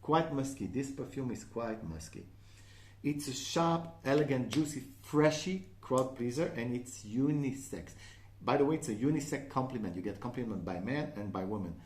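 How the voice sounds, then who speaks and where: A man's voice: mid-range voice, animated, normal speed. French-accented man reviewing perfume, roomy sound. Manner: chatty, frequent "okay?" and "uh" fillers. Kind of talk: casual spoken review.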